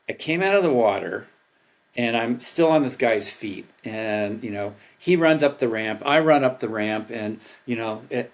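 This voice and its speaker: Older guy spinning race stories, mid-pitched, gets loud and excited when he acts out what he was thinking. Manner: animated, laughs often, acts out his own past thoughts. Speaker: interview guest, former pro triathlete. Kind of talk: casual storytelling.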